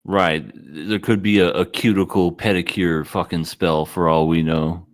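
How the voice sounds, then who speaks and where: A man co-hosting a podcast in casual chat, pushing back on the others with wry, deadpan remarks. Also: sits low, a little slow. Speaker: podcast co-host.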